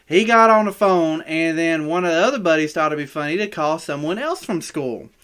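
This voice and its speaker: A man's voice: a little high, a little fast, fairly bright tone, clear, resonant tone. Rambling, swearing man telling stories. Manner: rambling storyteller, stumbles over words, swears a lot. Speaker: podcast co-host. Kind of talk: casual chat.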